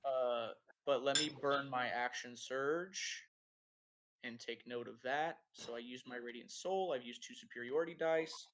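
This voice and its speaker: Bright-voiced man playing a tabletop game. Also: medium pitch, unhurried, a little hiss or hum. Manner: chatty, thinking aloud through rules. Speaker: player.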